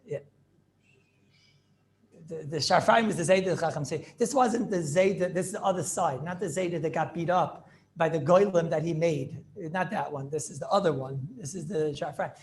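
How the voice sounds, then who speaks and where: A man teaching an informal class, talking fast and repeating himself and quizzing his students. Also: on the high side. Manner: rapid, repetitive, asks the class questions.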